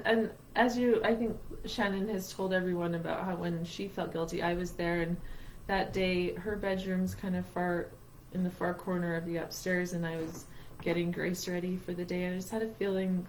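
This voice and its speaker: A woman's voice: lowish voice, level tone, normal speed, few pauses, slight background noise, rough recording. A woman co-hosting a heartfelt conversation about grief. She speaks earnestly and emotionally from a faith-based outlook, and her voice is tearful at times. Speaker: podcast co-host.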